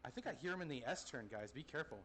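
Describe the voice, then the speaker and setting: Fast urgent male player callouts. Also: on the high side, lively intonation, fairly bright tone, a little hiss or hum. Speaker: player on team voice chat. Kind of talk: in-game team callouts.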